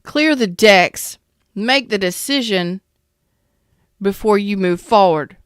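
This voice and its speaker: A woman hosting a live tarot reading, talking in a blunt, profane rant that calls viewers out. Her voice is smooth and clear, recorded close and dry with no room sound. She answers chat comments as she goes. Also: mid-range voice, expressive, slow, no echo. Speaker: tarot reader.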